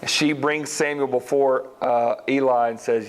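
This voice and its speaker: A man teaching a Bible study class, retelling stories in a lively way and speaking directly to the group. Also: mid-range voice, a little slow, poor audio. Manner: lively storytelling, acts out characters, talks to class directly.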